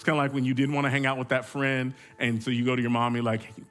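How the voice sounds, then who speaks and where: A man's voice: medium pitch, little pitch movement, fast talker, hardly any pauses, faint music behind. A man pastor preaching a sermon, telling stories in a casual, joking way with frequent restarts. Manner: conversational, humorous storytelling with repeated restarts.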